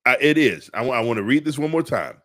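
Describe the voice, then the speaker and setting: A man co-hosting a podcast in casual chat, animated and joking, often stretching out stories. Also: medium pitch. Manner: animated, joking, drawn-out storytelling. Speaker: podcast co-host.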